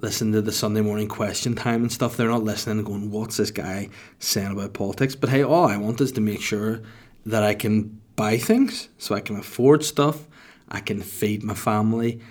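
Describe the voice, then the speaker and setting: A man's voice: on the low side, fairly even intonation, moderate pace. A young man with a Northern Irish accent rambling profanely through a casual podcast monologue. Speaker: podcast host.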